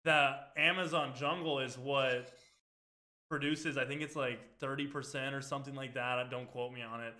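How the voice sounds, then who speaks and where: A man in his twenties hosting a casual gaming podcast, talking loosely and filling every pause with "like" and "dude". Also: medium pitch, steady tone, bright, forceful tone. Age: 20s. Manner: chatty, peppers speech with "like" and "dude". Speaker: podcast host. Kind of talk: casual chat.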